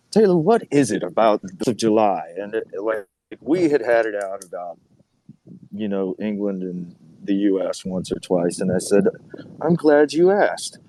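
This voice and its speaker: A man's voice: low voice, background noise. A man in casual podcast chat, rambling and joking as he corrects himself. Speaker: podcast co-host.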